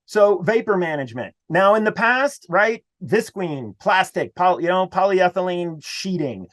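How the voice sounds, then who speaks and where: A middle-aged man presenting a building-code webinar in a lively, conversational way that speaks straight to his listeners. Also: high-pitched, moderate pace. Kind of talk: webinar presentation over slides.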